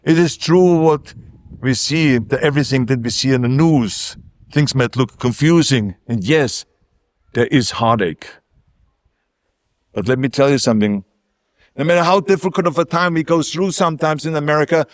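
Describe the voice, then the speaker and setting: A man's voice: fairly high pitch, moderate pace, no room sound, clean studio sound. Older German-accented man giving a speech. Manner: emphatic, self-mocking humor. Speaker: guest speaker. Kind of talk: ceremonial public speech. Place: outdoor ceremony.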